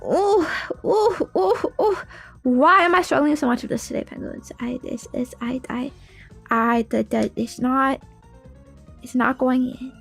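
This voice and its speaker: A woman's voice: high voice, steady tone, normal speed, gravelly, a bit bright, husky, soft background music. A young woman streamer chatting casually while building a model kit, rambling and laughing with lots of fillers.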